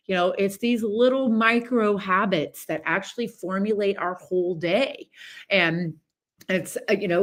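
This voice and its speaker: A middle-aged woman hosting a podcast, talking in a chatty, animated way with many asides and restarts as she gives a casual motivational talk. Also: mid-range voice. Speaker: podcast host.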